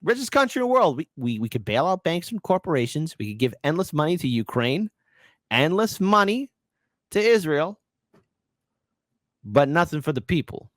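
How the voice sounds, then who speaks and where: A man's voice: a little high, animated, moderate pace, pauses often, no room sound, studio quality. A man hosting political commentary, ranting in a sarcastic, heated, exclamatory way.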